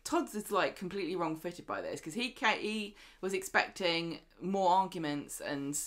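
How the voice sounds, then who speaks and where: A woman's voice: on the low side, normal speed, fairly bright tone. A woman co-hosting a podcast, chatting casually and acting out characters' lines as she retells the plot. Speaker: podcast co-host. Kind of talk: casual chat recapping a soap.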